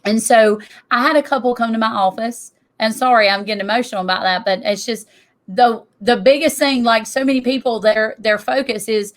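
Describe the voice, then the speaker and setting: A middle-aged woman giving an energetic, emphatic presentation to an audience as a tax business owner. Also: a little high, brisk.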